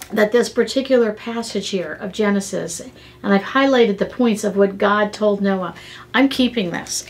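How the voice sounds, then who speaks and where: An earnest middle-aged woman delivers a devotional talk in a conversational teaching style. She speaks at a middle pitch and tells her stories with heartfelt, animated emphasis. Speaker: devotional podcast host.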